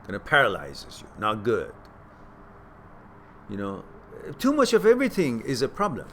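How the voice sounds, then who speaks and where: A man hosting a question-and-answer stream, giving casual spoken advice that turns animated as he stresses points and repeats words. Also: mid-range voice, moderate pace, a little hiss or hum. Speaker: host answering viewer questions.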